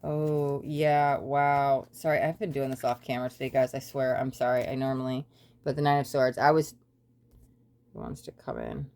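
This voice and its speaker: A woman's voice: rumbling low, fairly even intonation, normal speed, a little mellow. A woman giving a casual spoken tarot reading, rambling through repeated lists and breaking off for apologetic asides. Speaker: tarot reader.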